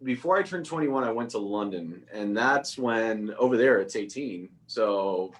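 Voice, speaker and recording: A man's voice: fairly low pitch, expressive, unhurried. A young man chatting as a guest on a video call, telling stories and laughing at himself. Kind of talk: casual video-call chat.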